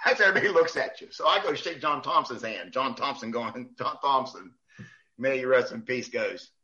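A man's voice: medium pitch, lively intonation, normal speed, bright, forceful tone, muffled recording. A man, a referee guest on an interview show, telling stories animatedly, often laughing, repeating words and acting out what others said. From United States. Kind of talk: animated storytelling in a podcast interview.

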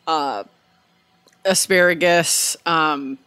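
Bright-voiced chatty woman co-host. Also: low-pitched, drawn-out words, smooth, no echo. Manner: chatty, lots of fillers. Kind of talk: casual podcast chat.

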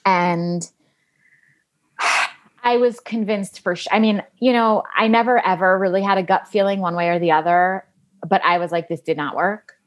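A woman's voice: medium pitch, moderate pace. A woman in her late thirties telling a candid personal story as a guest, animatedly acting out what others said and swearing casually. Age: late 30s. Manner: animated, acts out quoted dialogue, swears casually.

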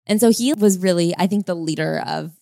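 A woman's voice: fairly low pitch, brisk, creaky, dark tone, no echo, studio quality. A woman co-hosting a casual podcast chat about a book, talking chattily with lots of fillers and acting out quoted voices. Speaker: podcast co-host.

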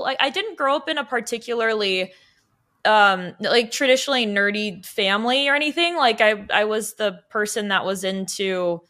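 A young woman talks casually as a podcast guest. Her voice is bright and a little high, and her speech is chatty and full of fillers. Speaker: comedian guest.

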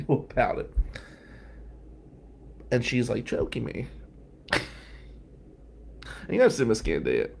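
A male podcast host telling a personal story in an animated way, swearing freely and loudly acting out what others said. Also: on the low side, creaky, a little hiss or hum.

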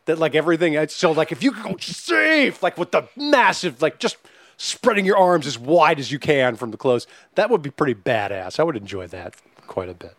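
A man's voice: a little high, brisk, no echo. Male podcast host, bouncy upper-range voice, dry close mic, casual and profane. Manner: animated, profane, reads listener questions.

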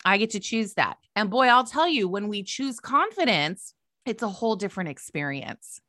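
A woman coach and podcast host giving an animated motivational talk, emphatic and repeating her phrases. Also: mid-range voice, normal speed, dry recording, studio quality.

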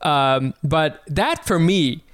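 Smooth-voiced man rambling jokingly. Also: on the high side, big pitch swings, slow pace, a bit bright, dry recording, clean studio sound. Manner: rambling, silly, bursts into laughter. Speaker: podcast co-host. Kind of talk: casual comedic chat.

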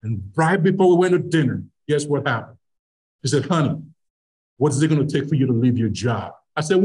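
Animated man telling a personal story. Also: mid-range voice, a little fast. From Nigeria. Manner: animated storyteller who acts out quoted dialogue. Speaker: podcast guest. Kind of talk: storytelling anecdote.

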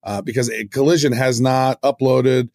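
A man's voice: medium pitch, steady tone, normal speed, a little mellow, no echo, studio quality. A man co-hosting a podcast in casual chat, talking with enthusiasm, rambling and restarting his sentences. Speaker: podcast co-host.

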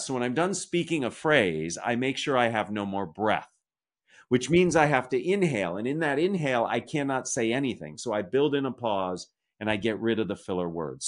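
A middle-aged man answering as a podcast guest, methodical and explanatory, who sums up his points at the end. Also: medium pitch. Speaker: communication author and guest.

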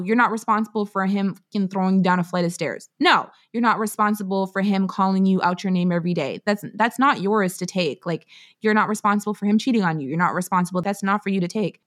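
A woman from Canada in her thirties, an author talking candidly and bluntly in an interview, with plenty of slang and swearing. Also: medium pitch. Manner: blunt, profane and emphatic, full of slang. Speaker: author and podcast guest.

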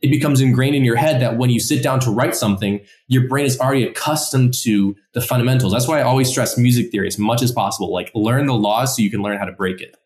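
This man talks about his songwriting like a mentor passing on a trick, animated and quick to voice his own past thoughts. His voice sits in the middle range. He sounds as if he is in a roomy, echoing space. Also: mid-range voice. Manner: enthusiastic, explains by acting out his own thoughts. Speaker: musician and songwriter. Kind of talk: casual group discussion.

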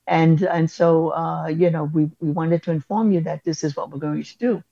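A woman's voice: deep voice, fairly even intonation, moderate pace, creaky, few pauses, warm tone, dry recording, highs cut off. A woman school principal, telling a story in an interview with many fillers and restarts.

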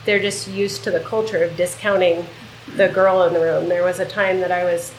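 A woman's voice: lowish voice, flat delivery, moderate pace, a little hiss or hum, poor audio. A woman guest on a podcast, speaking candidly and reflectively about her own experience. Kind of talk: casual podcast chat.

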